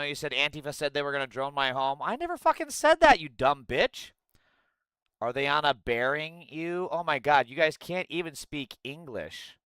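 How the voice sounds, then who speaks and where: A man hosting a livestream, ranting profanely and sarcastically and breaking into yelling outbursts. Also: fairly high pitch, clean tone, dry recording. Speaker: livestream host.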